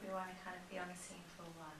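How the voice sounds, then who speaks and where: A woman's voice: on the low side, flat delivery, rapid-fire, fairly bright tone. A woman answering audience questions as a film director, chatty and full of fillers. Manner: chatty, fillers like kind of and you know. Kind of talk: festival Q&A answers. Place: cinema auditorium. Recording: roomy cinema from far off, faint noise.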